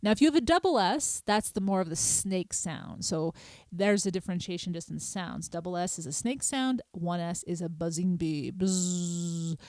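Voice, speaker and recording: A middle-aged woman, hosting a podcast and patiently explaining a small language lesson, spelling words out slowly. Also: on the low side, lively intonation, darkish tone, no room sound. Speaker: podcast host.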